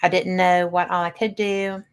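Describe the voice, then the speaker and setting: A woman's voice: fairly low pitch, level tone, smooth. A woman hosting a casual chat, talking reflectively and laughing easily. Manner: chatty, reflective, quick to laugh. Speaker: host.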